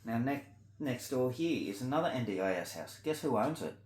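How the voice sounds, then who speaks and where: A man's voice: very animated, fairly quick, echoey room. Sweary, ranting Australian man. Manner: blunt, sweary, indignant, swings between loud outbursts and low mutters. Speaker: vlogger. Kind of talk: ranting monologue to camera.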